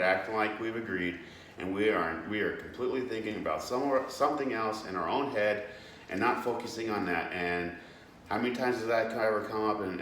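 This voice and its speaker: Deep-voiced man giving an earnest devotional talk. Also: a bit bright, recorded from a distance. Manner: earnest, plain-spoken, with many fillers and restarts. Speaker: fitness and devotional host. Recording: echoey room, away from the mic, faint background noise.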